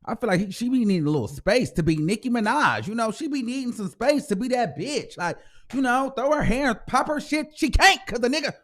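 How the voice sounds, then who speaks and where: Very high-pitched and brisk, a man hosting his own show delivers profane, casual commentary. He stays animated throughout, acting out the quoted voices of the people he discusses.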